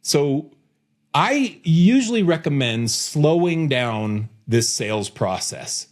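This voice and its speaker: A man hosting a podcast, talking casually and with energy, joking around and speeding up when he gets excited. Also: fairly high pitch, slow pace. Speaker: podcast host.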